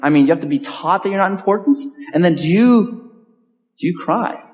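A man preaching a sermon as pastor, earnest and pleading, his voice dropping softly at the ends of phrases. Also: high-pitched, lively intonation, fairly quick, big-room sound. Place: church sanctuary.

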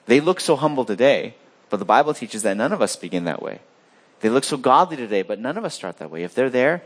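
A man preaching a sermon as pastor of his church, swinging between loud emphatic lines and quiet low asides.

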